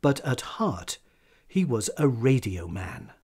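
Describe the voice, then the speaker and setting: A male radio presenter reading a scripted, fond tribute in a measured, even delivery. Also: mid-range voice, husky.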